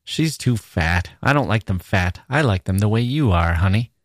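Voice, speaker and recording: A man reading as a drawling, menacing smooth-talker. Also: lowish voice, animated, normal speed, dry recording, clean studio sound, lightly acted. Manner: coaxing, drawling, casual slang. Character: menacing smooth-talking adult male stalker.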